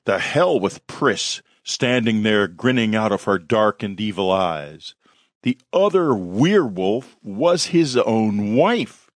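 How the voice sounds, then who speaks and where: A man reading his own horror story aloud in a slow, measured narration. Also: lowish voice, dry recording, clean studio sound.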